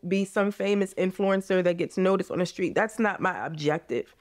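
With hardly any pauses, a woman speaks at normal speed in a fairly low voice, recorded with clean studio sound and no echo. This candid podcast guest, an American in her forties, talks with earnestness and passion, frequently using "you guys" for her listeners.

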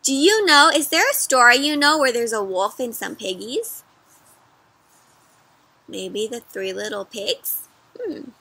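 A woman's voice: on the high side, unhurried, pauses often, breathy edge. A woman doing an interactive read-aloud for children, stopping often to ask them questions. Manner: asks children questions, animated. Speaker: storyteller.

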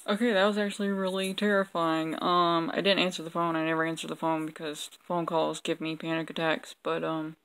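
Young woman with a gravelly voice and a sore throat. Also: deep voice, little pitch movement, brisk, few pauses, a bit bright, slight background noise, poor audio. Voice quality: lip-smacking. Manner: rambling, self-mocking, lots of ums. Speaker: vlogger reviewing her old drawings. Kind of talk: casual chat.

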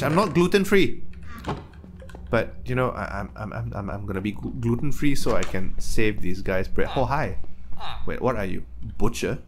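A let's play gamer, a young man with a voice on the low side, gives casual gameplay commentary over background noise. He's chatty and easily surprised, stammering as he talks to the on-screen characters.

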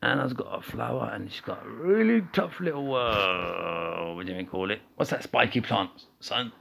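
A man's voice: on the low side, expressive, normal speed, creaky, a bit bright, a little hiss or hum, low-quality recording. A man giving playful, rambling commentary while playing a mobile game, often wandering off on tangents.

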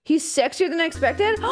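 A woman streamer chatting casually on a live stream, giggling often and swearing as she rambles excitedly. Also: very high-pitched. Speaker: livestreamer.

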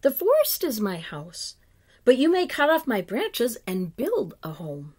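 Woman reader as kindly old apple tree, soft, lilting, unhurried. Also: on the high side, huge pitch swings, exaggerated voice. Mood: tender. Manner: soft and tender, sometimes whispered. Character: gentle, giving old female apple tree.

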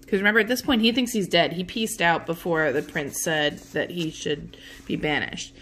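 A woman's voice: lowish voice, moderate pace, a bit bright. A woman teacher giving a casual lesson recap, chatty, with many okays and you knows. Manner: chatty, fillers like okay and you know.

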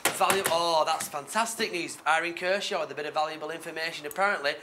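An actor playing an eager, gushing service station worker in a TV comedy. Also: male voice, a little high, quick pace, pushed and bright, slight background noise. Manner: gushing, thankful.

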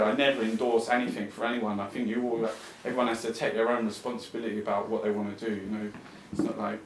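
A man's voice: medium pitch, a little hiss or hum. Impassioned rambling man at a talk. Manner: rambling and impassioned, with frequent restarts and swearing. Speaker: artist giving a talk. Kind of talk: informal talk to an audience. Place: arts club venue, talking to a live audience. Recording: roomy venue sound, mic at a distance.

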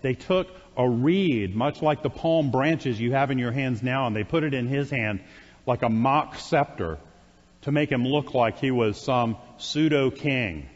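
A man's voice: mid-range voice, lively intonation, a little slow. Man preaching in a reverberant church. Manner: conversational storyteller with wry asides to the congregation. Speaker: priest. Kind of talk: sermon retelling a scripture story. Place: church sanctuary. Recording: dull, reverberant church recording.

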